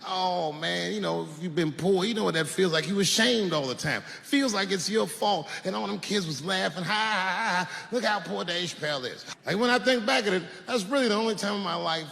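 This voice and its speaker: A man's voice: sits high, fairly quick, creaky, hardly any pauses, fairly bright tone. A man in his forties performing a crude, conversational stand-up set and riffing with the audience. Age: 40s. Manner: crude, conversational storytelling, riffs with the crowd. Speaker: stand-up comedian.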